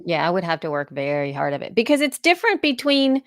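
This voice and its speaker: A woman co-hosting a podcast, talking in animated, storytelling casual chat. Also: lowish voice, quick pace, no echo, studio quality. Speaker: podcast co-host.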